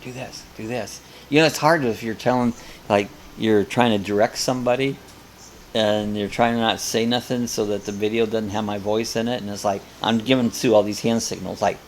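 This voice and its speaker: A man's voice: fairly low pitch, steady tone, a little fast, a little hiss or hum. An older man hosting a live coffee chat, casually reading viewer comments aloud and rambling between them.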